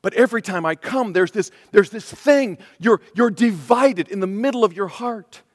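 A man's voice: high-pitched, moderate pace, long reverb tail. A middle-aged male pastor preaching a passionate sermon, often speaking as Jesus would to his listeners. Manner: impassioned, voices Jesus speaking directly to listeners.

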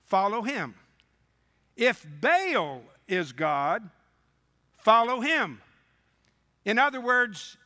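A man's voice: high voice, bright, forceful tone. A male preacher reading scripture in a sermon and breaking in with sarcastic asides. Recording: long hall reverb.

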